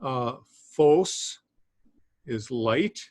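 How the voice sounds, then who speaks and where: A man teaching a beginners' language class, talking haltingly with many fillers and small laughs. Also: mid-range voice, animated, a little mellow, no room sound. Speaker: Greek teacher. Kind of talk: classroom lesson.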